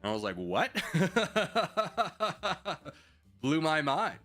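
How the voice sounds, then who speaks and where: A man's voice: a little high, big pitch swings, extremely slow, fairly bright tone, soft background music. A man streaming a strategy game live, chatting with viewers in joking mock rants and laughing often.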